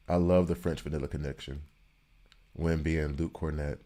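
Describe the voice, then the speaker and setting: A man's voice: rumbling low, a little fast, dark tone. A man giving casual, rambling commentary while playing a video game, joking and repeating himself for emphasis. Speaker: gaming streamer.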